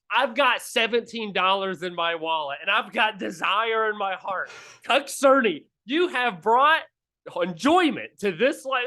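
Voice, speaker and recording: A man co-hosting a casual gaming podcast, gushing and joking with excitement. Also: high voice. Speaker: podcast co-host.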